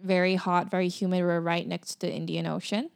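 A woman's voice: fairly low pitch, little pitch movement, fairly quick, gravelly. A woman chatting casually as a guest, hesitant and full of "um" and "like". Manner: hesitant, lots of "um" and "like". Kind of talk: casual chat.

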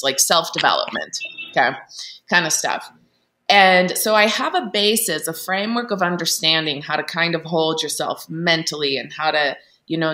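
A woman guest telling a personal story in an earnest, animated way, full of fillers and restarts. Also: lowish voice. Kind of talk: candid storytelling interview.

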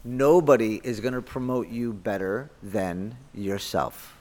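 A man in his fifties, a martial arts instructor guest on a podcast, telling stories in a blunt, profane, animated way. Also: on the low side, measured pace, big-room sound. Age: 50s. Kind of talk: casual podcast interview storytelling.

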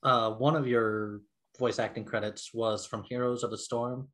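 Give me a relaxed co-host asking curious questions at a middle pitch. The questions come in an easy, conversational rhythm. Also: normal speed. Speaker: interview co-host. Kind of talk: casual interview.

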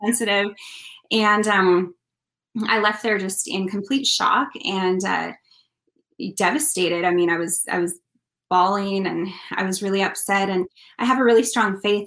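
A woman's voice: mid-range voice, steady tone, measured pace, fairly bright tone, roomy sound, rough recording. A woman from Canada, a country singer and interview guest, telling a personal story in an earnest, heartfelt way.

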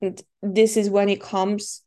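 A woman coach, a guest on a podcast, speaking in a thoughtful, reflective way with occasional soft fillers. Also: mid-range voice, flat delivery, measured pace. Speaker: guest, feminine embodiment coach. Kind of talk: conversational podcast interview.

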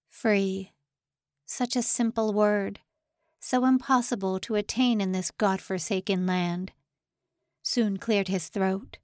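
An audiobook narrator, a woman, reads a suspense novel as scripted narration, keeping her delivery measured and even. Her voice sits in the mid range, and the studio recording is clean and dry.

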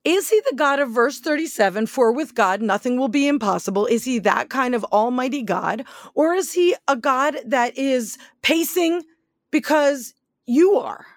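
A woman's voice: high-pitched, expressive, normal speed, no echo, studio quality. A woman preaching a sermon in an earnest, pleading way that builds to emphatic questions.

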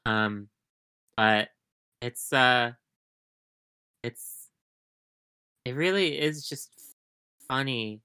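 Bright-voiced woman in casual, swearing chat. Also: extremely low pitch, extremely slow, long pauses, clean tone. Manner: rambling, animated storytelling with frequent swearing. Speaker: podcast guest.

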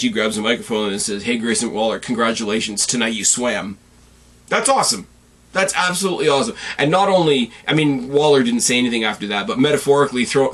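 A man hosting a casual podcast, recapping events with opinionated, animated rants and sudden excited jumps in his voice. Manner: jumps sharply up in pitch when excited. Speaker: podcast host.

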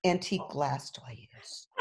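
A middle-aged woman, a restaurant owner guesting on a podcast, talking earnestly and emotionally in quick bursts. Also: medium pitch. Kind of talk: podcast interview.

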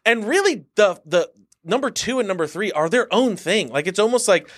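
A man co-hosting a casual podcast chat, excitable and quick to laugh. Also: high voice. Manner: excitable, exclaims and laughs a lot. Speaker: podcast co-host.

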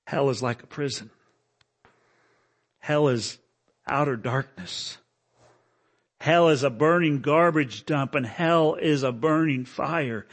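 A male preacher delivering a dramatic sermon at a church service, with emotional, pleading lines that climb high. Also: takes it slowly. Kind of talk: dramatic sermon with recited poem.

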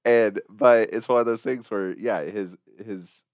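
Midwest guy, real low voice, chatty and animated, dry close mic. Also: unhurried, dry recording. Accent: Midwestern American. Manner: chatty, animated storytelling with voice impressions. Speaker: podcast co-host. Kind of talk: casual chat.

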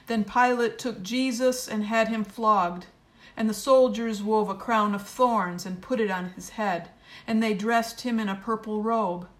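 A woman giving a measured, solemn liturgical reading of scripture at a service. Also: mid-range voice, steady tone. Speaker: scripture reader.

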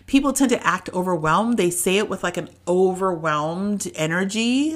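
A woman's voice: fairly low pitch, lively intonation, moderate pace, hardly any pauses. Chatty encouraging woman in her forties. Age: 40s. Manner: chatty, encouraging, many fillers and restarts. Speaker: podcast host. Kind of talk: motivational solo podcast talk.

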